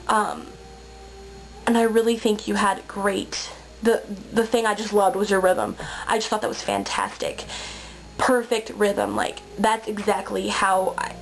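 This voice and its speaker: A woman's voice: medium pitch, a little hiss or hum, rough recording. A young woman giving casual, gushing feedback on contest entries, full of "like" fillers and sometimes dropping to a whisper. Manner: chatty and gushing, many "like" fillers, drops into whispers. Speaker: video contest host. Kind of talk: casual chat.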